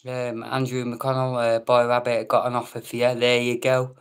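A man's voice: mid-range voice, monotone, moderate pace, clean tone. Bantering British man hosting a live chat. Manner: joking banter, reading out viewer names, some whispered asides. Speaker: live stream chat host. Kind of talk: casual live stream chat. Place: room at home at night.

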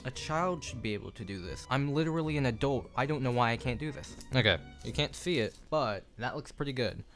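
Young male vlogger, animated swings in pitch, self-deprecating and sweary, phone audio in a home kitchen. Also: fairly quick, soft background music. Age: young adult. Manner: flustered, self-mocking, swears often. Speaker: YouTuber. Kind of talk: casual vlog commentary while building. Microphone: phone camera.

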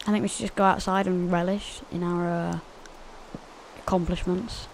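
A woman's voice: lowish voice, flat delivery, moderate pace, slight background noise. Giggly woman chatting over gameplay. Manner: chatty, giggly, talks to viewers. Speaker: gaming channel host. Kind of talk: casual gameplay commentary.

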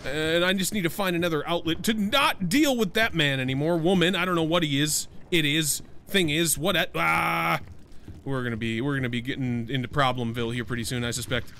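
A young man streaming a horror game, chatting casually, joking and swearing, with sudden excited yelps. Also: fairly high pitch, fairly quick. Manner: jokey, profane, prone to excited yelps. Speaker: gaming streamer. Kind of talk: casual let's-play commentary.

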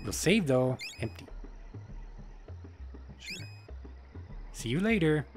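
A man's voice: a little high, sing-song, slow pace, background noise. A man giving casual, chatty commentary while playing a game, with wry asides about what is on screen. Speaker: let's play gamer. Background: game music.

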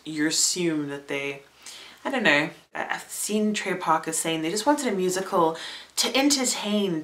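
A young woman chats through her theatre review, laughing lightly between words. Her voice is bright and forceful yet sits a touch low in pitch, with a relaxed, unscripted flow. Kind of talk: casual spoken review.

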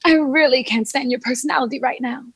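A woman's voice: quick pace, fairly bright tone, breathy edge, no echo, heavily acted. Woman doing a sassy comic ranting woman. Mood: sassy, exasperated. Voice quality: high, theatrical delivery with mock-outrage. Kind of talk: comic monologue reading.

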